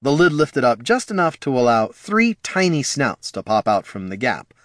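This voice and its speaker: A man narrating a fantasy story in an expressive storytelling way. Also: medium pitch, normal speed, no room sound, clean studio sound. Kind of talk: audiobook narration.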